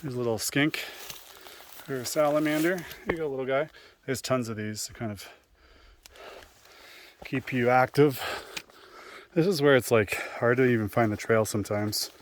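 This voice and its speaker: A man's voice: medium pitch, normal speed, pauses often, a little hiss or hum. Man vlogging on a mountain trail. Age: 30s. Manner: relaxed, chatty, with frequent ums and uhs. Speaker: solo hiker vlogging. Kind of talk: casual outdoor vlog narration.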